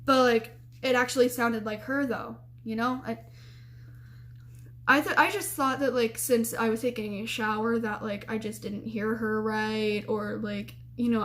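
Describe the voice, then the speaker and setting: A young woman casually telling a story in a vlog, chatty and animated, with lots of fillers and restarts. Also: a little high, moderate pace.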